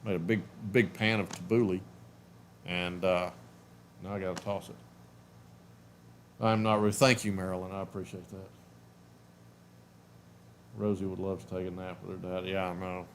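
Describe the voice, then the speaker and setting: A man's voice: low voice, flat delivery, normal speed, long pauses, a little hiss or hum. A man in his forties hosting a casual live stream from home on a webcam, rambling and chatty, sleepy and yawning. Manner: rambling, self-interrupting, chatty.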